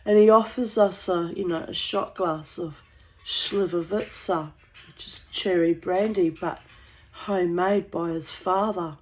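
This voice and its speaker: A woman's voice: on the low side, steady tone, a little slow, darkish tone, poor audio. A woman from New Zealand telling a casual, rambling anecdote, blunt and sweary, with the odd cough.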